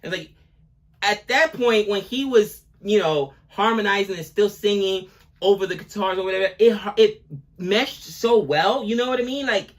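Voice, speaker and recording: Co-hosting a music reaction video, a man in his forties chats casually at normal speed in a voice that sits high. He rambles and gushes, often checking in with "you know what I mean".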